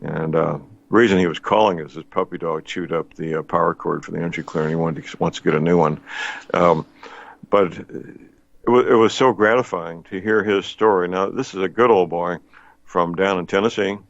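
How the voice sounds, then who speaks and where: Older male radio host, low gravelly voice, dry close sound, folksy rambler. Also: normal speed, no room sound, dull audio. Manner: folksy, rambling with many fillers. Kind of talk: radio talk show chat.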